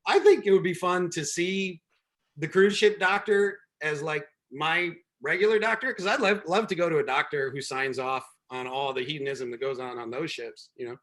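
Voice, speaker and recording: Male comedian, host, wry and rambling, many ums, somewhat high voice, video call sound. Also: normal speed, fairly bright tone. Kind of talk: stand-up comedy set.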